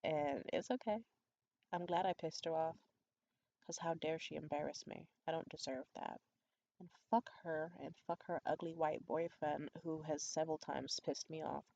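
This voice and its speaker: A woman's voice: fairly even intonation, moderate pace, creaky, highs cut off. A young adult woman vlogger telling a candid, profane story in a conspiratorial way. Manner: acts out quoted voices high and loud. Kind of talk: storytime vlog.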